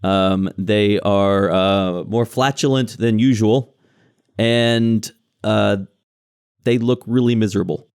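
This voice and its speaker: A man's voice: fairly low pitch, steady tone, slow, a little mellow, clear, resonant tone. Man narrating as game master. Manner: descriptive, with frequent fillers.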